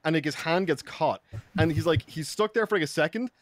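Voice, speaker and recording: A man's voice: a little high, no room sound. A young man co-hosting a podcast, telling stories in casual chat, rambling and crude with lots of fillers. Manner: rapid rambling storyteller, crude, heavy fillers. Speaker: podcast co-host.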